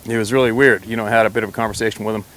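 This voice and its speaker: A man's voice: lowish voice, steady tone, very fast, a bit bright, slight background noise. A man telling a personal story to camera in a rambling, blunt way, with mild swearing and frequent restarts.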